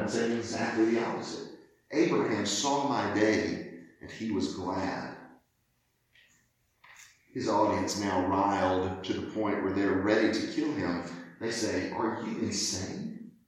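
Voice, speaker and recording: A man's voice: fairly low pitch, a little slow. A man preaching a sermon earnestly and emphatically, acting out the quoted lines with drama. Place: church sanctuary. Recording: very echoey church from far off.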